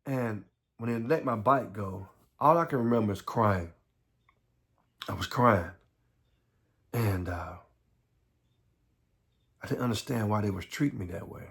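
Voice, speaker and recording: Gravelly-voiced man from the American South, halting earnest life story, near tears. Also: lowish voice, a bit bright. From Southern United States. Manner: halting, repeats words, earnest. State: close to tears. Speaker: vlogger.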